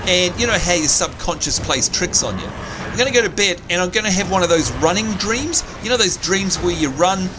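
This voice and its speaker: A man's voice: high-pitched, animated, brisk, background noise. A man hosting a let's play, chatting through gameplay and panicking and yelping when he is scared. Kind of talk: gaming commentary.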